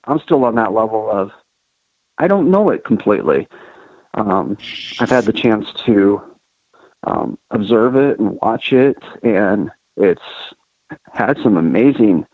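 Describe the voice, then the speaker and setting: A man's voice: on the low side, animated, unhurried, slightly rough, no echo, narrow, tinny audio. A man from the American Midwest, a paranormal investigator, chatting casually in an interview with many ums and restarts.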